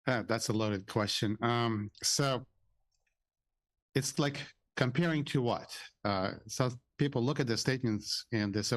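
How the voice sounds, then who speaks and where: A man's voice: mid-range voice, moderate pace, no room sound. Chatty man telling stories on radio. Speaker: financial adviser, radio guest. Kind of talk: casual radio talk with anecdotes.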